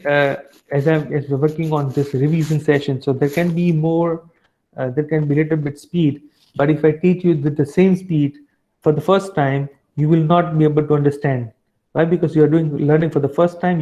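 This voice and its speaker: Guy teaching a revision class, mellow kinda high voice, keeps saying right? fine?, muffled lo-fi audio. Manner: chatty, with frequent tag questions and fillers. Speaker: lecturer. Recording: dull lo-fi sound.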